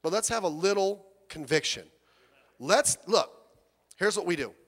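A man preaching in a church with a high, light voice that carries a long echo through the room. He is animated and conversational, acting out the people he quotes and dropping from loud outbursts to soft asides. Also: unhurried. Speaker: pastor. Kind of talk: sermon.

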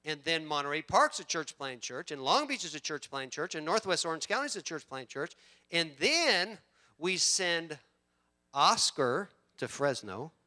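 A man preaching a sermon, swinging from loud emphatic bursts to hushed storytelling. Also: a little high, sing-song, normal speed. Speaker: pastor.

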